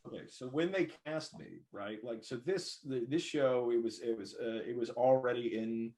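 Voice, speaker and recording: An actor telling a self-mocking story in casual chat over a video call. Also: male voice, medium pitch, normal speed, dark tone. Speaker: cast member, actor.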